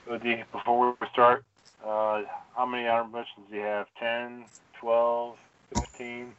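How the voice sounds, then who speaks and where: A man hosting a casual chat with an easygoing, even delivery. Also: mid-range voice, moderate pace, clear, resonant tone. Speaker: podcast host. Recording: tinny phone-like line.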